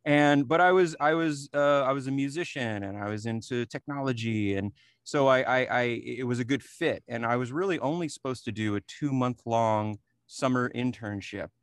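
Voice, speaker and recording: A man's voice: mid-range voice, normal speed, clear, resonant tone, no echo. A man from New Jersey, a re-recording mixer, talking casually in an interview with many fillers and restarts. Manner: relaxed, chuckles often, many fillers and restarts.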